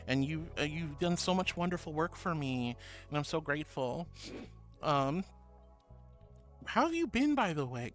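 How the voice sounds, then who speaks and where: A man with a high, light voice chats with his stream, greeting viewers one by one and calling them honey and sweetie. He is playful and bursts into silly noises. Soft music plays faintly behind him. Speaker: VTuber streamer. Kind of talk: casual chat reading viewer messages.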